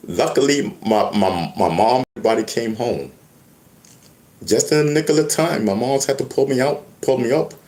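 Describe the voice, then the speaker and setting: In an echoey room, a man with a mid-range voice talks casually to the camera at a normal speed. He tells animated stories, stammering and restarting often.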